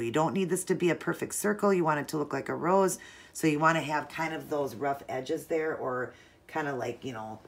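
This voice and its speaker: A woman talking through a nail art tutorial in a chatty, relaxed way, explaining each step as she works. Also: deep voice, creaky.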